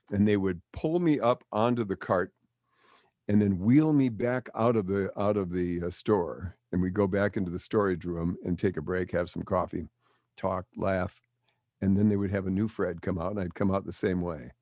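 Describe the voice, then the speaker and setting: Older man, veteran broadcaster; deep voice, dry sound, lively storyteller. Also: moderate pace, no room sound. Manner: animated storyteller acting out quotes. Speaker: guest, broadcaster. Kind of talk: storytelling interview.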